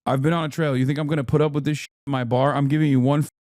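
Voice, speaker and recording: A man giving casual livestream commentary on the news, excitable and profane, swinging into high, incredulous outbursts. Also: racing, no echo. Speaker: streamer reacting to news.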